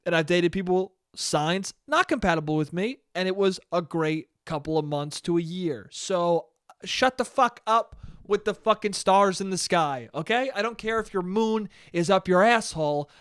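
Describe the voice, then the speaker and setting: A man's voice: sits high, moderate pace, a bit bright, clear, resonant tone, no room sound, studio quality. A young man hosting a solo podcast, ranting in a profane, rambling way and acting out quotes in mock voices. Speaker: podcast host. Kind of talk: solo comedic rant.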